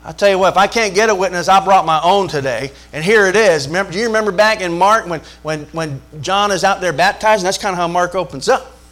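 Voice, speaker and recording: A pastor preaches a sermon in a high, bright, fairly fast man's voice. He's emphatic and repetitive, calling for amens in call-and-response style and cracking jokes along the way.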